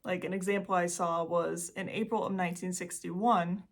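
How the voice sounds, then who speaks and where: A woman's voice: lowish voice, fairly even intonation, moderate pace. Chatty American woman telling a story. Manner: chatty, giggly, rambling asides. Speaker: host. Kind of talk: casual storytelling vlog.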